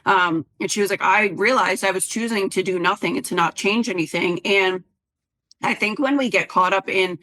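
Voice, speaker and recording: A woman's voice: medium pitch, normal speed. A woman co-hosting a health podcast, talking casually and acting out her clients' words. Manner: chatty, animated quoting of clients. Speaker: podcast co-host, health coach.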